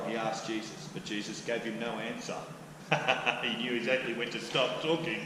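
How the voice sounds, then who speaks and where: A man preaching a sermon as pastor, animated and acting out quoted voices loudly. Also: mid-range voice, normal speed. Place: church hall. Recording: echoey church hall with faint noise.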